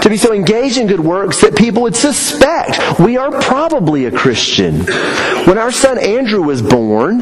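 Lively emphatic male preacher. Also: high voice, rough recording. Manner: emphatic, rhetorical questions, lively rises and drops. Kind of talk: sermon.

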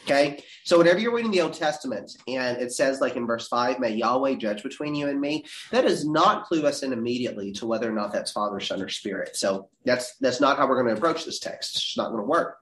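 A man teaching a Bible class, reading verses aloud with dramatic leaps in pitch. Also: lively intonation, fast talker, few pauses, fairly bright tone. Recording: roomy echo.

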